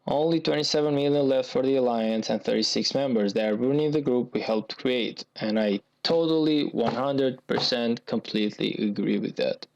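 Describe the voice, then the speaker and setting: A man's voice: medium pitch, normal speed, vocal fry, lo-fi sound. A man giving gameplay commentary, venting in an agitated, repetitive way as a gaming YouTuber.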